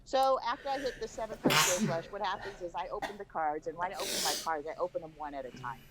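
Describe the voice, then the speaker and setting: A woman's voice: on the low side, fast, noisy background. A middle-aged woman, a guest on a podcast, telling a story casually and acting out the voices she quotes. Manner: animated, acts out quoted voices. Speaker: podcast guest, a host's mother.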